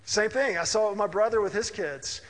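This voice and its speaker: Pastor, middle-aged man, high voice, conversational sermon in a reverberant church hall. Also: fairly quick, fairly bright tone. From Mississippi. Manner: conversational, anecdotal, asks listeners "right?".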